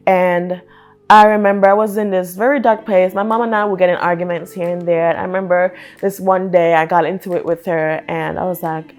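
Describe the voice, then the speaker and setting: A young woman telling her personal faith testimony in a casual, lively way, acting out the voices in her story. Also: medium pitch. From Jamaica. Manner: animated, acts out quotes, laughs often. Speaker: testimony speaker.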